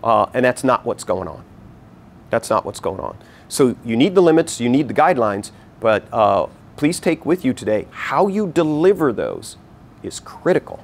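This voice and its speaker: A man giving a live teaching talk to an audience in a meeting room, animated and repeating his key points. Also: medium pitch, moderate pace. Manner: animated, acts out voices to demonstrate. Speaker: workshop presenter.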